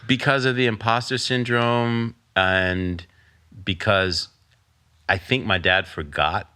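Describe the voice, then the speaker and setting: A middle-aged man, a podcast guest, telling a personal story in candid conversation and quoting others with lively put-on voices. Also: fairly low pitch, slow, smooth, no room sound. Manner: storytelling, quotes his father in animated voice.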